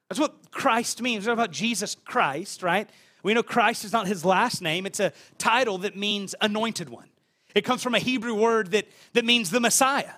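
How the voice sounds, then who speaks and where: A young man delivers a sermon in a notably high voice. He talks the scripture through in a loose, conversational way. He often restarts and repeats words along the way. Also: bright, forceful tone. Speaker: pastor.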